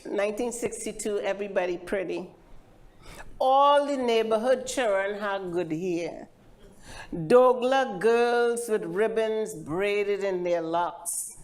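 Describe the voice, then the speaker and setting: An older woman from Trinidad with a Trinidadian accent, giving a measured, lilting live poetry reading as the featured poet at a literary event. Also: medium pitch.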